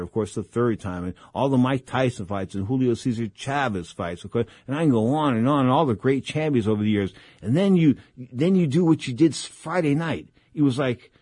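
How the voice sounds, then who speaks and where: A man's voice: medium pitch, darkish tone, dry recording. A middle-aged man hosting a boxing radio talk show, telling rambling stories in an emphatic, chatty, slangy way into a studio microphone.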